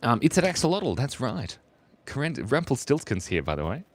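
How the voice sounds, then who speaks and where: On a casual stream, a young man sketches for viewers, chatting playfully, reading their messages out loud and laughing a lot. He speaks a little fast in a mid-range voice with huge pitch swings.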